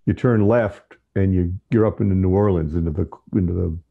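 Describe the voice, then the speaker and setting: A man talking as a guest in a relaxed podcast chat, unhurried and often trailing off. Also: sits low, creaky, breathy edge, phone-quality sound. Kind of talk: casual conversation.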